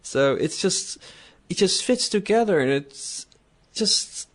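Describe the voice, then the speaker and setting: A man's voice: high-pitched, animated, slow, fairly bright tone. A man co-hosting a casual podcast, rambling and laughing often as he talks. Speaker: podcast co-host. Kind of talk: casual chat.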